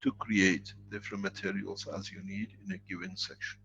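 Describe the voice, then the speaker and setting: Middle-aged male lecturer, gravelly and low, halting phrasing, muffled lo-fi call audio. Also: little pitch movement, fairly bright tone, slight background noise. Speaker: foundation leader answering questions. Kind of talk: lecture with questions and answers.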